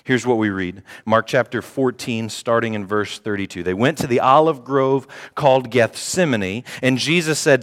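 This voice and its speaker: A man delivers a sermon from a pulpit, mixing scripture reading with animated, playful mock dialogue. His mid-pitched voice rings with a long hall reverb. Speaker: pastor.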